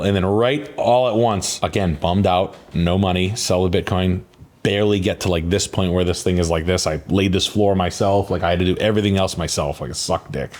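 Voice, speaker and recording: A man's voice: low voice, a little mellow. A man as an interview guest, telling rambling, profane stories full of "like" and acted-out quotes. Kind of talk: casual storytelling interview.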